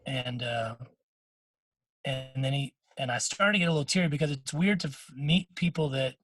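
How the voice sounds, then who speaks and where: A middle-aged man co-hosting a podcast, telling a moving personal story in casual chat, with frequent restarts and quick quoted lines from others. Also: mid-range voice, fairly bright tone, a little hiss or hum. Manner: emotional storytelling with many restarts; quotes others in short bursts. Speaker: podcast co-host.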